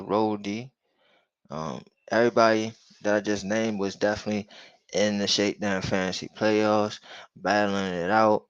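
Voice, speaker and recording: Laid-back gravelly man hosting sports talk. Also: on the low side, no echo, dull audio. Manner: laid-back, drawling, many fillers. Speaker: host. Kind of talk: casual sports talk chat.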